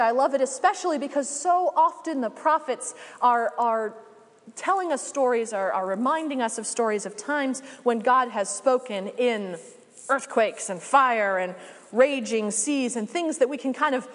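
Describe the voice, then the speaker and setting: Female preacher, reflective sermon delivery, higher voice, reverberant hall. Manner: storytelling, measured and reflective.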